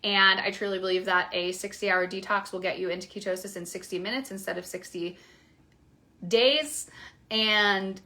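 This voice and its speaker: A woman's voice: mid-range voice, pushed and bright, a little hiss or hum. A young woman coach talking frankly and casually to her viewers, with many fillers. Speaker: keto coach. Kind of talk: casual promotional video talk.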